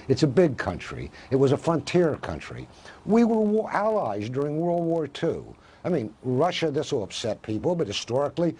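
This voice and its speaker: A male professor speaks as a guest on a televised news interview. His voice is slightly husky, and his pitch swings widely as he argues with passion. He keeps posing rhetorical questions. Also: a little mellow. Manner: impassioned, asks rhetorical questions.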